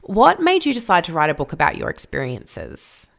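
A woman's voice: on the low side, huge pitch swings, moderate pace, creaky. A woman hosting a podcast, introducing her guest and chatting in an upbeat way. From Australia. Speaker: podcast host. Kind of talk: podcast interview.

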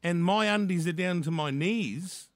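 A man co-hosting a radio show, telling a story in lively casual banter and acting out voices. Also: high-pitched, a little slow, dry recording. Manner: animated storyteller, acts out voices. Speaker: radio co-host.

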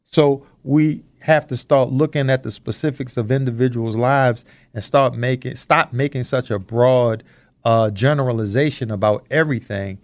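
A man's voice: medium pitch, steady tone, moderate pace, no room sound. Earnest man talking in a dry room. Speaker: podcast co-host. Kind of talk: casual discussion.

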